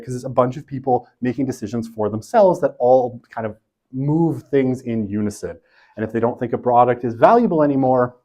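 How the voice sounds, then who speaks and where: A man's voice: mid-range voice, darkish tone. A man giving a university lecture in a loose, conversational way, often checking in with his listeners. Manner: conversational, tags points with "right?".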